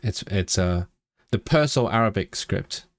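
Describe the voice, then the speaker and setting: Low-voiced man rambling on a livestream. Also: expressive, a little slow, dry recording, clean studio sound. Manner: rambling, self-interrupting with repeated words. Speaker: language-learning streamer. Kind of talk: casual livestream chat.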